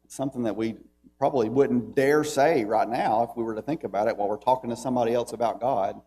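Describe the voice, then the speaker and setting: In a church, a man with a Southern American accent teaches a Bible class, talking conversationally and reading scripture aloud with emphasis. His mellow, medium-pitched voice moves fast, with slight background noise.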